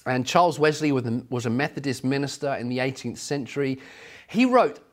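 A man's voice: mid-range voice, a little fast. Man preaching a sermon. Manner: storytelling, animated, voices quotes.

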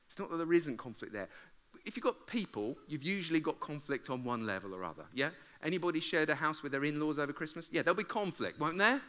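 A man, preaching a sermon to a congregation in a humorous, conversational way and acting out arguments with loud outbursts. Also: a little high, expressive, fast talker. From England. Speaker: pastor. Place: church service before a congregation.

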